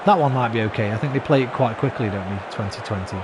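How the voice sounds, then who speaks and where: British man, thirties, streamer chat, swears a lot, ordinary pitch, loud noise behind him. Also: quick pace. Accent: British English. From Britain. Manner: chatty, swears freely, rants at his team. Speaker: game streamer. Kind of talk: casual gaming commentary. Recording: noisy background.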